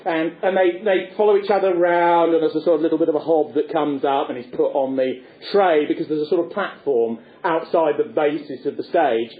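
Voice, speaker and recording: A man telling a lively, theatrical anecdote as a speaker, chuckling as he goes. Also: a little high, a little fast, hardly any pauses. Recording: echoey, phone-like lecture recording.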